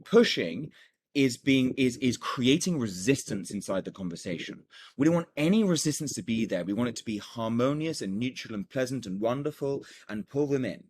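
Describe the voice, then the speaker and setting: A man's voice: mid-range voice, animated, normal speed, a little mellow. A man teaching a recorded sales course as a coach, enthusiastic, repeating words and filling gaps with "done, done, done".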